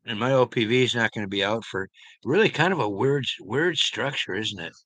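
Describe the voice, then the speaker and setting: A man's voice: mid-range voice, expressive, brisk, fairly bright tone, no echo. A man streaming live, chatting loosely with viewers, rambling and swearing freely. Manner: rambling, profane, talks to chat by name. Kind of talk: casual live-stream chat.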